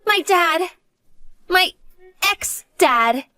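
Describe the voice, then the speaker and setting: A woman's voice: very high-pitched, animated, very slow, sharp tone, no room sound, studio quality, exaggerated voice. A woman voicing an earnest, devoted college-age daughter who talks to her mother. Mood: frightened. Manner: earnest, pleading.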